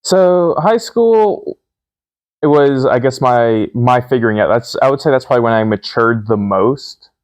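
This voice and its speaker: A man's voice: medium pitch, lively intonation, measured pace, dry recording. A man in his twenties, a guest talking candidly and thoughtfully with many hesitations. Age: 20s. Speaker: podcast guest, son. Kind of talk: casual conversation.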